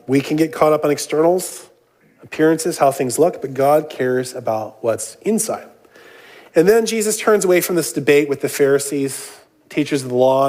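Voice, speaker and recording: A man's voice: a little high, darkish tone. A man preaching a sermon, reading scripture aloud and then explaining it in a casual way, with frequent "uh" and "um" fillers and jokes mixed in. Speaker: pastor.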